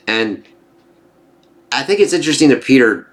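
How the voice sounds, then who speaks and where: A man's voice: lowish voice, normal speed, a bit bright. A man casually reviewing a comic book, rambling and swearing freely as he goes.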